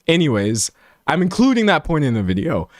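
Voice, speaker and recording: A man's voice: on the high side, a little fast, dry recording, clean studio sound. A man commentating on a live stream and reading chat aloud. He rambles, restarts his sentences and pokes fun at himself. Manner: animated and rambling, self-mocking, many restarts.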